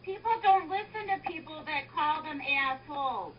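A woman's voice: sits high, expressive, moderate pace. A woman pushing back defensively in a heated argument. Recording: muffled lo-fi with faint noise.

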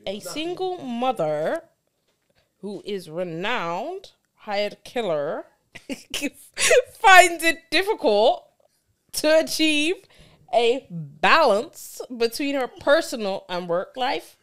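A woman's voice: fairly high pitch, big pitch swings, very slow, a bit bright, heavily acted. A woman reading a short passage in a put-on Bajan accent, giggling and stumbling as she goes. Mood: giggly.

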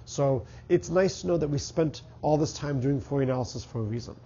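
A man's voice: a little high, fairly quick, dark tone, lo-fi sound, slight background noise. A middle-aged man with a Boston accent and a stuffy, congested voice, giving a university math lecture and thinking aloud with fillers and restarts. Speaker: math professor. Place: lecture hall.

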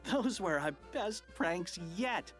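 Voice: medium pitch, sing-song, measured pace, faint music behind. Narrator voicing a nervous schoolboy, worried, hesitant, children's audiobook.

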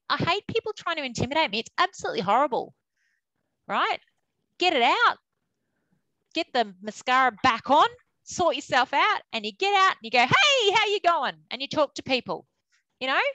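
A middle-aged woman, an umpires manager giving a candid, animated webinar talk. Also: medium pitch, no echo, poor audio. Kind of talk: webinar presentation.

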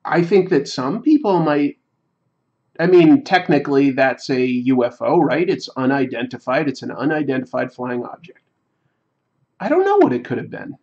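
A man's voice: medium pitch, big pitch swings, normal speed, darkish tone. A man with an ordinary mid-range voice talks through a story on his livestream, reflective and a little rambling as he goes. The stream audio sounds somewhat dull and lo-fi. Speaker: livestream host. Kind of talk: casual storytelling while drawing on a livestream.

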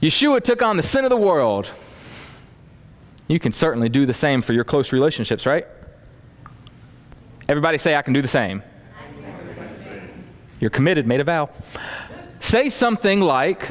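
A man's voice: on the high side, very animated, moderate pace, pauses often. A man preaching a sermon to a congregation, acting out everyday dialogue as he teaches. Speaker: pastor.

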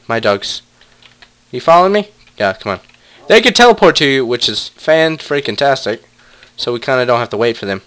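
A man's voice: medium pitch, big pitch swings, normal speed, a bit bright, clean tone. A young man casually commentating a block-building game, playfully talking to his pet wolves. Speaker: let's play gamer.

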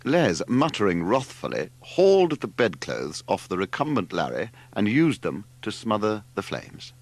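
A man narrating an audiobook, his low voice gravelly and expressive. His pitch swoops widely as he tells the story with animated, theatrical flair. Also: moderate pace, dry recording. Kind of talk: scripted narration.

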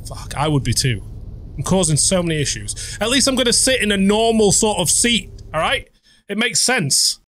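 A man's voice: sits high, sing-song, moderate pace, a bit bright, no echo. A young man playing a horror game on video, reacting with startled swearing and muttered comments. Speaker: gaming YouTuber.

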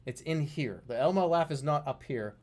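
A man streaming a geography guessing game, talking to his chat in a jokey, animated way. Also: fairly high pitch, normal speed. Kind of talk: casual live-stream commentary.

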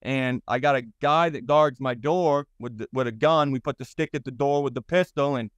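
A man in his thirties with a Boston accent, a guest telling his stories in a blunt, rambling and profane way, with halting restarts. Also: medium pitch, dry recording, highs cut off. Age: 30s. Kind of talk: interview storytelling.

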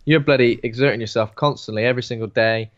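A British man co-hosts a casual podcast, riffing and joking about a film in quick banter. His voice sits at a middling pitch, and the recording sounds dull and lo-fi. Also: fairly even intonation. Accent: British English. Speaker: podcast co-host.

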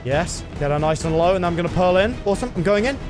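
Young man, high voice, very lively pitch, excitable gaming commentary, yells during fights. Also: fast, over music. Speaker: gaming video host.

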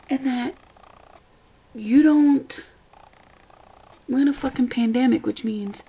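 A young woman vlogging, ranting in an exasperated, profane way with a gravelly voice. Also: a little high, warm tone, poor audio. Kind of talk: casual ranting vlog.

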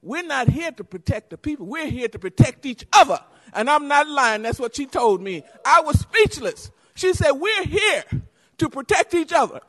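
An angry woman making a public comment, accusatory and pushing back when she is interrupted. Her voice is very high and sharp. It rings with long reverb in a big chamber. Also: animated, normal speed, few pauses. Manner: heated, accusatory, talks over interruptions. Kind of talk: public comment at a council meeting. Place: council chamber. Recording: reverberant hall.

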